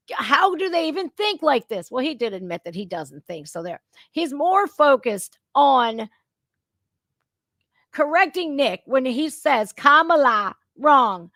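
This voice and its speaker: A woman's voice: sits high, a bit bright, dry recording, studio quality. A woman hosting a reaction channel, ranting about politics in an angry, profane, emphatic way. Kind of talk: heated political rant.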